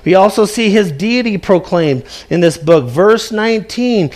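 A man with a high voice delivers a sermon at an unhurried pace. He preaches earnestly, throws rhetorical questions at his listeners and drives his key phrases home by repeating them. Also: lively intonation, darkish tone. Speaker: pastor.

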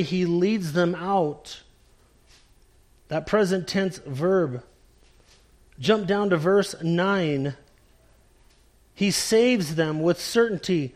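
A male pastor delivering a sermon in a somewhat high voice. He preaches slowly and with emphasis, leaning hard on key words and then letting some lines fall quiet.

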